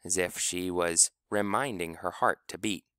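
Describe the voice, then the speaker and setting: A man reading a story aloud as narrator, lively and expressive, acting out characters. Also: sits low, a little slow, clear, resonant tone, no room sound, clean studio sound. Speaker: audiobook narrator. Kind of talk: scripted narration.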